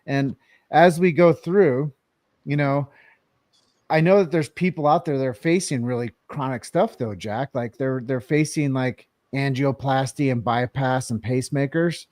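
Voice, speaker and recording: A man's voice: mid-range voice, unhurried, a little mellow, no room sound, clean studio sound. A man co-hosting a podcast, talking earnestly in a casual, rambling way and asking a guest a question. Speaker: podcast co-host.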